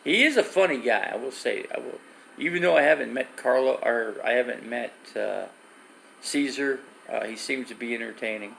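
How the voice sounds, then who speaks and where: A man's voice: mid-range voice, moderate pace, vocal fry, sharp tone, slight background noise, poor audio. A middle-aged man live streaming from his phone, rambling through stories and reading viewer comments. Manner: rambling storyteller with restarts, reads viewer comments.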